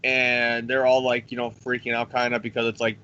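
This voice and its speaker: A comic book podcast host casually recaps a comic storyline, rambling and swearing and briefly acting out the characters in quick impressions. His mid-range voice is pushed and bright but delivered completely flat, and the audio is dull with no room sound.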